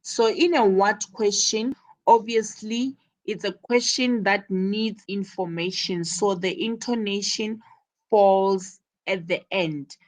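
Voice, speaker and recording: A woman teaching an English lesson online, explaining slowly and repeating her key points. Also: mid-range voice.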